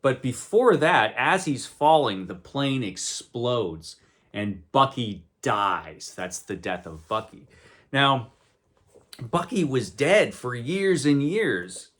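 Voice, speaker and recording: A man talks through a comic book in a relaxed, conversational way, drifting into wry asides. His pitch moves around a lot and stays animated. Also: slow pace. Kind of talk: casual spoken review.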